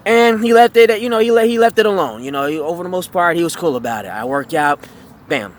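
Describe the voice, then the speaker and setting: A man's voice: sits high, lively intonation, quick pace, slight background noise. A man telling a storytime tale as a heated, profane rant, rambling with fillers and restarts.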